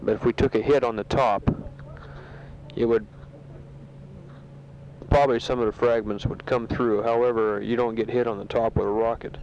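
Soldier in his bunker reading out news to family; flat, plain, matter-of-fact man, muffled lo-fi tape. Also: medium pitch, slight background noise. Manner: matter-of-fact, halting with many fillers. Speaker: soldier sending a taped letter home. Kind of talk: casual spoken letter. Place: sandbag bunker in a war zone. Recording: dull lo-fi home tape recording.

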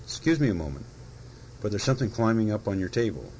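A man's voice: on the low side, big pitch swings, quick pace, a little mellow, a little hiss or hum. A man voicing a cheerful, bouncy young tiger in a storybook reading, matter-of-fact and sure of himself.

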